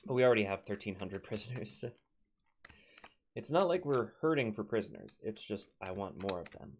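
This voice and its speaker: Speaking to his units as he plays a strategy game, this young let's play host from Minnesota, United States, keeps the commentary casual, with a Minnesotan accent. His voice sits on the low side, animated and brisk, with a little hiss or hum.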